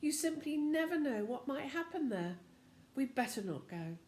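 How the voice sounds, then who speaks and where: A woman's voice: high voice, big pitch swings, moderate pace, a little mellow, a little hiss or hum, pitched above the performer's own voice. Older woman as a cautious, earnest young boy in a storybook.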